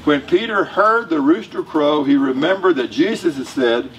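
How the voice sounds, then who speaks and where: Speaking at a moderate pace, this Southern US pastor has a fairly high, bright, expressive voice as he jokes his way through a conversational sermon. The recording comes from a distant mic in the church sanctuary, with faint room noise.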